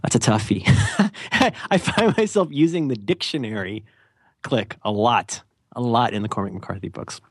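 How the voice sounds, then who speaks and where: Male podcast co-host, chatty and rambling, jokey and self-mocking; animated delivery. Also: fairly low pitch, unhurried, breathy edge. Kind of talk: casual podcast chat.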